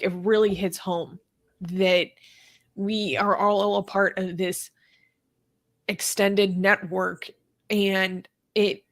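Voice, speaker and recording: A woman hosting a casual online chat, speaking in an earnest, heartfelt way with many filler words. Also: mid-range voice. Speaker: host, leader of an atheist community.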